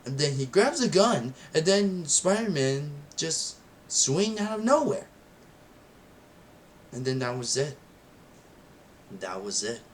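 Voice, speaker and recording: A young man hosting a casual film review vlog, rambling excitedly with many restarts and "and then". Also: on the high side, slow, long pauses. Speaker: channel host reviewing a film.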